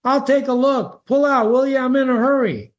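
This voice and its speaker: A man's voice: very high voice, fairly even intonation, moderate pace, pitched above the performer's own voice. A man reading aloud, voicing a brusque small-town doctor in a hurry, raised well above his own voice. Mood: hurried. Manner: impatient, pushing past.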